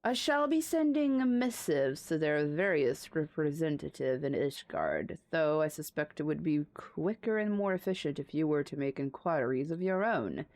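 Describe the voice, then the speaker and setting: A woman's voice: low-pitched, sing-song, a little mellow, no room sound. A woman reading a courteous noble lord. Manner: formal, unhurried.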